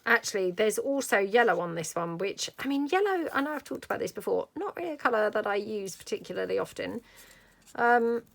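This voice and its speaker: A woman's voice: mid-range voice, lively intonation, a little fast, gravelly. A middle-aged woman chatting casually through a crafting tutorial, thinking aloud as she works. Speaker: craft vlogger.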